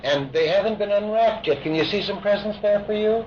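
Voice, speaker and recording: A man leading a hypnotic age regression session, asking calm, coaxing, leading questions. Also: high-pitched, a little fast. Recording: dull archival recording with hiss.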